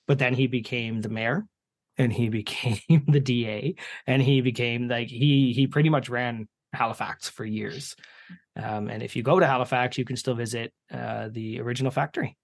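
A man with a Canadian accent, a podcast host who shares trivia in relaxed casual chat. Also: medium pitch, normal speed, creaky.

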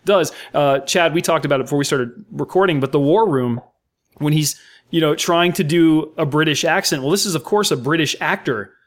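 A man's voice: a little high, a little fast. An American man, a guest on a podcast, talking about a film with emphatic enthusiasm and many fillers. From United States. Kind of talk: casual film discussion.

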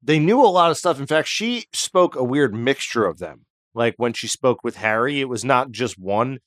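A man's voice: mid-range voice, expressive, normal speed, a bit bright, no room sound, studio quality. A man co-hosting a podcast, telling a story in casual chat and cracking jokes. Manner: jokey, drops into silly put-on voices. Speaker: podcast co-host.

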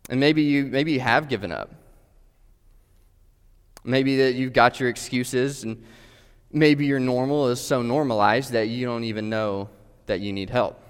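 A man's voice: medium pitch, steady tone, measured pace, clear, resonant tone. A man preaching a sermon, earnest and direct, putting questions straight to his listeners. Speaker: pastor. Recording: long hall reverb.

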